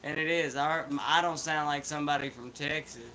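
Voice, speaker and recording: A man's voice: a little high, fairly even intonation, a little fast, sharp tone, a little hiss or hum, low-quality recording. A man with an Appalachian accent chatting in a laid-back, rambling, slangy way as a vlog host. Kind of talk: casual chat vlog.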